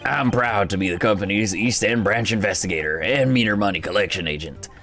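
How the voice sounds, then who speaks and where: A man voicing a boisterous, fawning gas company worker for a game, rowdy and excitable. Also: on the low side, a little fast, faint music behind. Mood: boastful.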